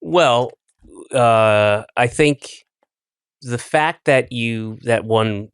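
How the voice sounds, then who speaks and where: Older American male podcast host, unhurried and smooth-voiced, blunt, halting with fillers. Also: medium pitch, dry recording, studio quality. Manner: halting, many fillers and restarts, blunt and profane. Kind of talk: casual chat.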